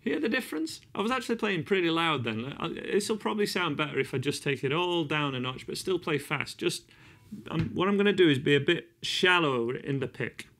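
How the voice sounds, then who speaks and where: Loud guitar sits over the voice as this man, slightly high and expressive, talking fairly quickly, leads a relaxed guitar lesson. He cheers the learner on, counts out the beats, and sings snippets while playing.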